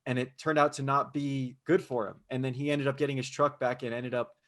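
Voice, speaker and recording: A male podcast co-host retelling a story in loose, casual chat. He rambles, restarts his sentences and leans on filler phrases. His voice sits at an average pitch. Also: flat delivery, brisk, a bit bright. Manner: rambling, with frequent restarts and "you know".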